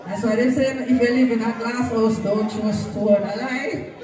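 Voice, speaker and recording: A man's voice: extremely high pitch, steady tone, moderate pace. A man at a sound clash telling stories in patois banter. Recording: very echoey live venue from a distance. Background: music and crowd.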